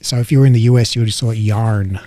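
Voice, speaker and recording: A man's voice: medium pitch, little pitch movement, very fast, mellow. A man with an Australian accent explaining muscle science in casual chat, rambling with many fillers and restarts. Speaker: educator.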